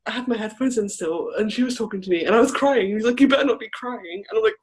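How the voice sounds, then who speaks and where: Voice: mid-range voice, expressive, fast talker, breathy edge. A podcast co-host in casual chat, telling a personal story and acting out quoted lines, with lots of "like". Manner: rambling storyteller who acts out quoted lines, heavy use of "like".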